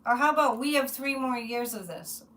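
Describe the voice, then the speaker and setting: A high-voiced woman talks animatedly to her viewers on a casual psychic livestream. She rambles, restarts her sentences and gets worked up. The mic sits a little distant from her. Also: moderate pace, a bit bright. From United States.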